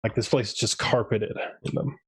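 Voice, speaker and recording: A man's voice: on the low side, steady tone, moderate pace, breathy edge. A man narrating as game master of a tabletop game livestream, casual and rambling, with frequent ums.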